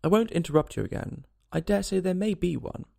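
A man's voice: medium pitch, huge pitch swings, quick pace, vocal fry, darkish tone, full character voice. A man voicing a curious, polite young girl who is prim and easily offended. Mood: humble, puzzled.

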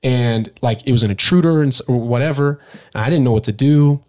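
Young man telling a story haltingly. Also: medium pitch, darkish tone. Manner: halting, full of "like" and restarts. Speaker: podcast guest. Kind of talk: storytelling in a casual interview.

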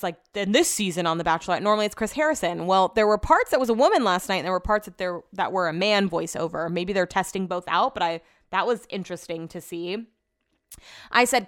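A young adult woman hosts a podcast, recapping things in a casual chat with opinionated, sarcastic reactions. Her voice is medium-pitched and she talks fast. The studio-quality recording has no echo.

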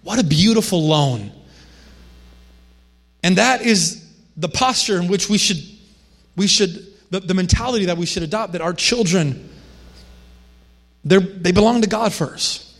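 A man's voice: high voice, unhurried, long pauses, a bit bright. A man preaching a sermon as a pastor, in a conversational manner with frequent restarts and asides.

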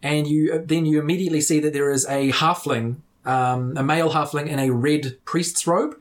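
A game master narrating a tabletop game at a mid pitch. The delivery is relaxed and casual, with frequent fillers between descriptions. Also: moderate pace.

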